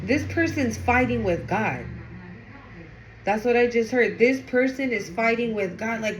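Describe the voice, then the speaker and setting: A woman's voice: fairly high pitch, a little slow, slight background noise. A woman giving a casual tarot reading to camera, chatty and blunt, swearing freely and talking aloud to spirit as she goes. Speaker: tarot reader.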